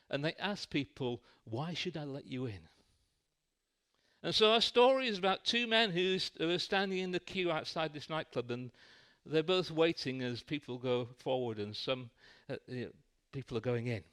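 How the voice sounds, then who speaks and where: A man's voice: a little high, animated, moderate pace, a bit bright, smooth. A man preaching a sermon in a church, telling a light-hearted story.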